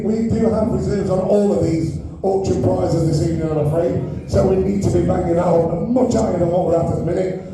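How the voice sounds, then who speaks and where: High-voiced British man calling auction bids. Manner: loud, joking banter with the crowd, pushing for bids. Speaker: charity auctioneer at a fan evening. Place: large echoey function hall with an audience. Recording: booming hall echo, voice from far away.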